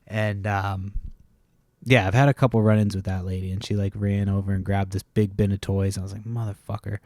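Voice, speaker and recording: A man's voice: deep voice, little pitch movement, fairly quick, darkish tone, no room sound, clean studio sound. A man hosting a podcast, telling a rambling story full of swearing, restarts and asides. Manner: profane, rambling, self-interrupting storyteller. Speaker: podcast host. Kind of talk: casual rambling monologue.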